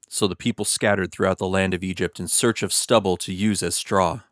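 A man reads scripture aloud in a steady, even narration. His voice is low and recorded dry and close. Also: a little fast, few pauses, dry recording. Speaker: scripture reader. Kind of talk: scripted Bible reading.

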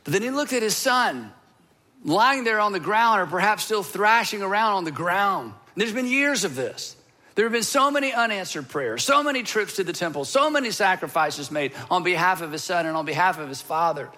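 Pastor guy preaching, high pitched and bright, earnest, repeats himself a lot. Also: animated. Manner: earnest and emotional, with dramatic pauses and repeated phrases. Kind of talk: sermon.

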